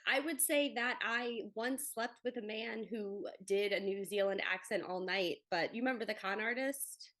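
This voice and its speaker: A woman from New England hosts a podcast in relaxed, casual chat. She is playful and upbeat and laughs easily as she keeps the conversation moving. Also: medium pitch, moderate pace, few pauses. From Connecticut, New England. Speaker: podcast host.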